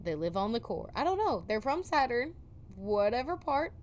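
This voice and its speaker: A woman with a fairly high voice tells a story at a moderate pace while co-hosting a relaxed podcast, with a little hiss or hum in the background. She's animated, acting out the quotes with laughs.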